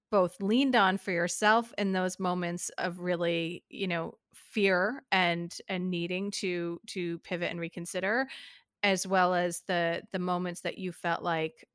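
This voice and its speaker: A woman host with a smooth, resonant and slightly low voice asks long, winding questions over a remote call. She sounds engaged and affirming, and the recording is dry and close. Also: fairly bright tone, no echo. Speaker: interview host. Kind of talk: conversational interview. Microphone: remote call audio.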